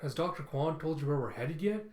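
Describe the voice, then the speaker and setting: A man's voice: on the high side, expressive, brisk, a little mellow, lightly acted. Meek polite boy robot read by a man. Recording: roomy echo.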